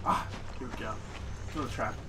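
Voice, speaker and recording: A man giving excitable let's-play commentary, often yelling and cursing at the game he is playing. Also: fairly quick, recorded from a distance, very noisy. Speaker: gaming channel host. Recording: voice a bit off-mic over game music.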